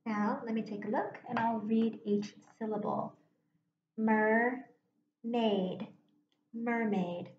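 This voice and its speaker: A woman teacher giving a phonics lesson to young children, speaking slowly and clearly with encouragement. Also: on the high side, fairly even intonation. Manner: slow, clear, encouraging classroom delivery. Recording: roomy, dull lo-fi classroom recording with faint noise.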